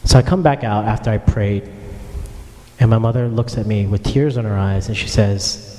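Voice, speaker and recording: A man's voice: on the low side, fairly even intonation, normal speed, warm tone. A man preaching a sermon and telling his own story earnestly, speaking straight to the congregation. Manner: earnest storytelling, addresses listeners directly. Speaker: pastor. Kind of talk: sermon with personal testimony. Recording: long reverb of a hall.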